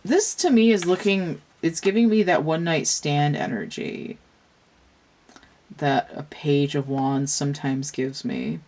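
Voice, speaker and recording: A woman with a low, deep voice reads tarot cards in a casual, unscripted way. She thinks aloud as she goes, wandering and restarting her sentences. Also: a little slow, darkish tone. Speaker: tarot reader. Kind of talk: casual tarot reading talk.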